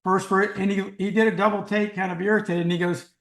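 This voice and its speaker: An older man telling a dramatic life story as an interview guest, in an animated way. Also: high-pitched, fast talker. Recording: roomy echo.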